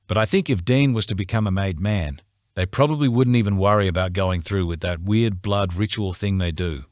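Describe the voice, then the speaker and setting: A cocky, teasing young man from a storybook, quick with a joke and never serious for long, as a male narrator puts him on. His voice sits low and deep, recorded close and dry. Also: a little mellow, no room sound, lightly acted. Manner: playful, teasing. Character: joking brash young man, teasing friend.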